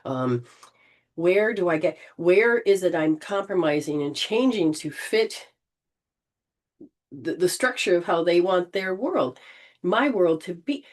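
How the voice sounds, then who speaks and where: Woman with a low, rambling healer's voice. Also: expressive, slow pace. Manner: rambling, with frequent restarts and throat clearing. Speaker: spiritual healer leading a session. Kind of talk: informal guided healing session.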